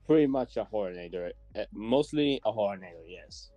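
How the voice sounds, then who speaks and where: A man from Israel with an Israeli accent, a guest narrator answering questions hesitantly with many pauses. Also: lowish voice, expressive, warm tone, no room sound, highs cut off, faint music behind. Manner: hesitant, many ums, searching for words. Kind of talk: casual interview chat.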